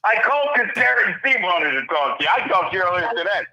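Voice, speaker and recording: A man's voice: high voice, very animated, fast, gravelly, pushed and bright. A man calling in to a podcast, teasing the other guest in casual chat. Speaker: caller. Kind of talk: casual chat over the phone. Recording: muffled phone line.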